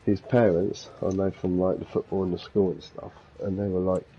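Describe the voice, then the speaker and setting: Rambling man, low voice, lo-fi mic. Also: flat delivery, moderate pace, slightly rough. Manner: rambling, easygoing, sweary storytelling. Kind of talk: casual chat on a livestream.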